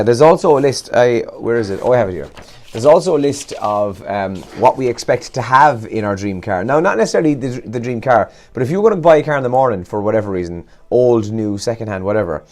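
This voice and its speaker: A young Irish man hosts a morning show in an easy, rambling chat, poking fun at himself. He sounds worn out and yawns now and then. His voice sits a little low. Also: a little mellow. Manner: chatty, rambling and self-deprecating. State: tired, yawning. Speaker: radio show host.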